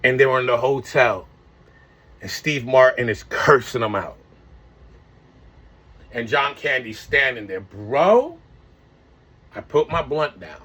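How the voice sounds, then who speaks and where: A man's voice: mid-range voice, lively intonation, slow, long pauses, fairly bright tone, breathy edge. A man in his forties talks to his viewers in a casual vlog, rambling, swearing and full of slang. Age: 40s. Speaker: vlogger. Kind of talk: casual monologue.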